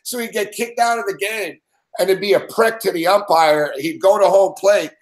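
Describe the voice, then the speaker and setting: Profane, excitable male sports host. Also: high voice, moderate pace. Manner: profane, laughing, excitable storytelling. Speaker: sports betting show host. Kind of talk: casual sports chat.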